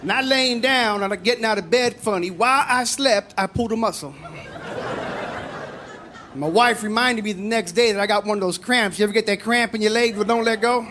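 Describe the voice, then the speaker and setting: A man's voice: high voice, moderate pace, a little hiss or hum. A middle-aged man doing a stand-up comedy set on stage, delivering punchlines conversationally. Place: comedy stage before a live audience. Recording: live stage mic with loud crowd laughter.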